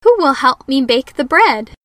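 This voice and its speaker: A woman's voice: high voice, sing-song, unhurried, a bit bright, no room sound, full character voice. A woman voicing a patient, hardworking hen from a storybook, asking earnest questions.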